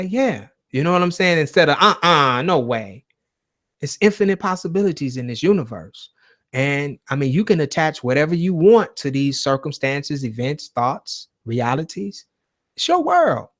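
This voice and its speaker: A man's voice: medium pitch, fairly bright tone. A man hosting a live call-in show from home, talking in a casual, rambling and profane way. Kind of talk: casual livestream talk.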